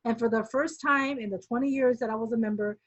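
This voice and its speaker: A woman's voice: on the high side, steady tone, quick pace, no room sound. A woman casually telling her story as a former movement member, acting out quoted dialogue with many "like" fillers. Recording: dull, dry sound.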